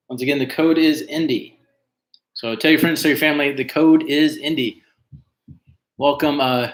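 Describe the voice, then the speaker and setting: A man's voice: a little high, moderate pace, pauses often, fairly bright tone. A man hosting an online trivia night, chatting casually and reading out team names with lots of fillers. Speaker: trivia host. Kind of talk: casual livestream chat. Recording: echoey room.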